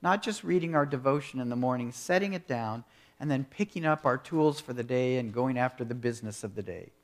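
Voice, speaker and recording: Male preacher, mid-pitched, earnest and measured, steady sermon cadence with rhetorical questions.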